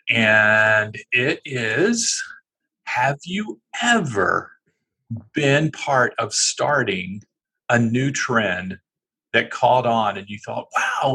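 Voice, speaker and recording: A man hosting a podcast, asking drawn-out questions in an expressive, casual way. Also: mid-range voice, vocal fry, husky, low-quality recording. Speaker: podcast host.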